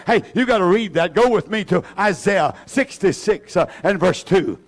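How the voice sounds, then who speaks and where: A man's voice: high-pitched, animated, moderate pace, few pauses. A man preaching a fervent revival sermon, repeating himself with many fillers and restarts.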